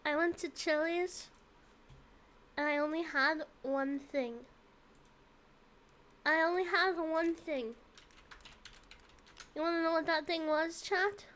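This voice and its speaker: A woman's voice: very high-pitched, steady tone, takes it slowly, pauses often. A young woman streaming a game, chatting casually and gushing emotionally with giggles. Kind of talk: casual live-stream chat. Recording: loud game music behind.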